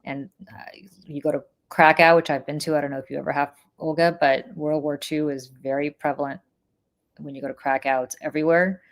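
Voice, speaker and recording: Low-voiced woman with a Russian accent. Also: steady tone, a little fast. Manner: earnest, emphatic, filler-heavy. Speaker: podcast co-host. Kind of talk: casual political podcast chat.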